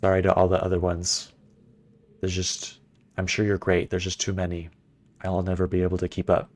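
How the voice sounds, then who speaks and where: Man, deep low voice, casual game stream commentary, chatty, playful, thinking aloud. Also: monotone, moderate pace.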